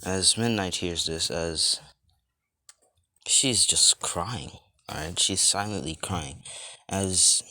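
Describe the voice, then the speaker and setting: A man's voice: low voice, sharp tone, no room sound. A young man casually narrating an improvised fan story, rambling with lots of fillers and restarts.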